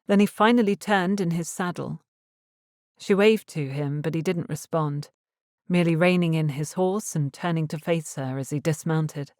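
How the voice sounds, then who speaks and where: A woman reading a romance novel aloud as an audiobook narrator in a measured, even storytelling manner. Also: on the low side, dry recording, clean studio sound. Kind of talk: scripted narration.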